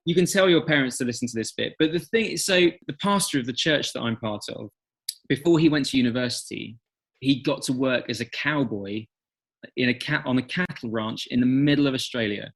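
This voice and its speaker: Lively English man telling stories. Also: mid-range voice, a little fast, gravelly. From England. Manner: animated storyteller, acts out quotes. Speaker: podcast guest. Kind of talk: conversational interview.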